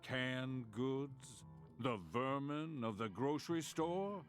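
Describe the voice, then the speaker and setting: A man's voice: medium pitch, natural voice. Solemn, drawling mirror spirit speaking in old-fashioned phrases, put on by a German-accented man; game music underneath. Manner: slow, archaic theatrical speech. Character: mystical male mirror spirit, archaic and solemn.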